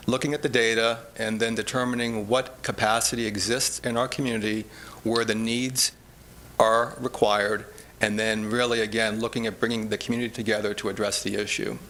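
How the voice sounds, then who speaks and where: A man, a public health officer, giving a steady, explanatory report to a board meeting. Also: on the low side, moderate pace. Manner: steady, explanatory, repeats "again". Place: meeting room.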